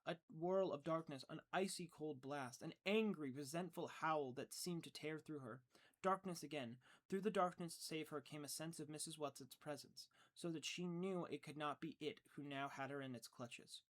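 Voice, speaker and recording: A man's voice: a little high, moderate pace. A man narrating an audiobook earnestly, stumbling and restarting now and then. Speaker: audiobook reader.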